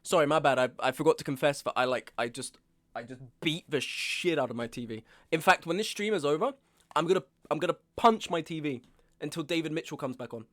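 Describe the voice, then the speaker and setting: A man's voice: on the high side, brisk, fairly bright tone. A man in his twenties chatting casually on a live stream, exasperated, ranting and often repeating himself. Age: 20s. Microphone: webcam setup at home.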